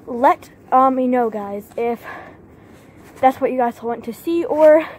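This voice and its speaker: A woman's voice: high voice, slow pace, darkish tone, breathy edge. A young woman vlogging outdoors between running laps, out of breath and chatting to her viewers. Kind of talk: casual vlog chat while exercising. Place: outdoors at grandma's house.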